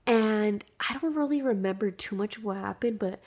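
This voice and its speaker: A woman's voice: mid-range voice, moderate pace, darkish tone. Chatty young woman vlogger. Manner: chatty, peppered with "like" and "dude". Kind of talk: casual storytelling.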